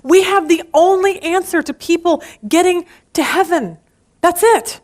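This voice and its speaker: A woman's voice: very high voice, measured pace, darkish tone. A woman leading a church Bible study class, talking earnestly and emphatically, often restarting her sentences.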